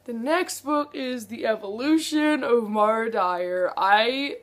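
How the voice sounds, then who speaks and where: A woman's voice: on the high side, slow. A young woman book vlogger chatting casually to camera, gushing and dramatic, with lots of "like".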